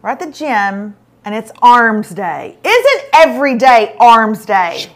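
A woman's voice: on the high side, sing-song, takes it slowly. A middle-aged woman, hosting a show and telling a self-mocking story in casual chat. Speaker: show host.

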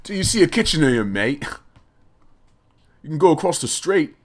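A man's voice: fairly high pitch, sing-song, voice pushed up. An American man putting on a mocking British accent to play a smug male barman. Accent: put-on British. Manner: mocking, quick.

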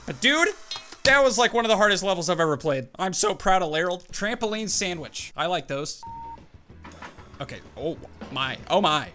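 A young man narrates his gameplay with an animated, exclaiming manner. His voice sits high and swings widely in pitch. Faint music plays underneath. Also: normal speed. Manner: animated, exclaims and laughs at the game. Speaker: gaming YouTuber. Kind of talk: excited gameplay commentary.

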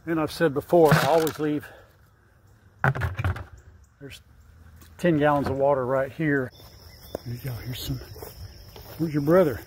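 A man's voice: fairly high pitch, steady tone, a little slow, long pauses, background noise. An older man chatting casually through a farm vlog outdoors, rambling and fondly coaxing his animals. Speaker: farm vlogger. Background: faint insects and crickets.

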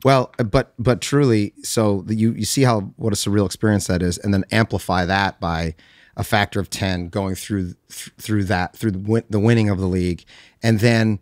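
Halting low-voiced podcast co-host. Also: male voice, steady tone, dry recording, studio quality. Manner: halting, restarts sentences, amused. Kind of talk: casual chat.

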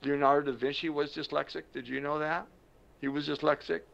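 A man who works as a motivational speaker tells a story in a slow, dramatic way with emphatic pauses. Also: a little high, flat delivery, creaky, fairly bright tone. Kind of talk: storytelling talk to camera. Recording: dull lo-fi sound.

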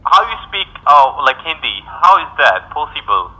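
A man with an Indian English accent on a phone call, hesitant and defensive, halting often. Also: fairly high pitch, sing-song, pushed and bright, a little hiss or hum. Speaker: phone scammer.

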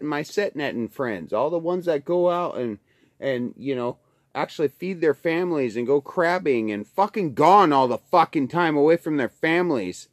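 A middle-aged man who grew up in Alaska, vlogging from his kitchen by the wood stove, swearing constantly in a loud, angry rant. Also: medium pitch, animated, moderate pace, dry recording, studio quality. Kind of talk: casual ranting monologue.

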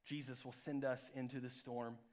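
A man preaching a live church sermon as pastor, swinging from loud peaks to hushed lows. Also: flat delivery, normal speed. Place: church sanctuary.

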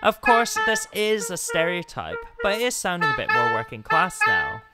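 A man giving a measured, wry, scripted explanatory narration. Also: sits high, huge pitch swings. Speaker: composer narrating a video essay. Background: loud oboe music.

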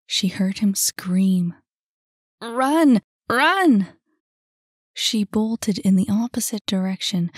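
A woman author narrating her own story in a soft, hushed reading voice. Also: medium pitch, husky, dry recording, studio quality.

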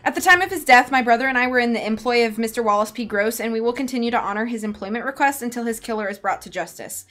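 A dramatic young ghost hunter makes grand speeches with pushy confidence, voiced by a woman reading a storybook. The voice sits slightly high and theatrical. Faint music plays underneath. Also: fast talker, a bit bright, close to an everyday voice. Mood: grandstanding.

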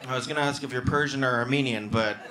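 A male stand-up comedian doing crowd work on a club stage, bantering with the audience and breaking into loud, excited outbursts. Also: medium pitch, fast, noisy background. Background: audience laughter and club ambience.

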